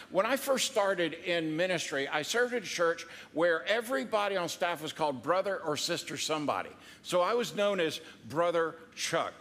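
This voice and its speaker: A male pastor preaching in a bright, forceful voice that sits high for a man. He keeps it conversational and joking, and his words ring out with a long hall reverb. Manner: conversational and joking, with quoted asides. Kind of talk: sermon.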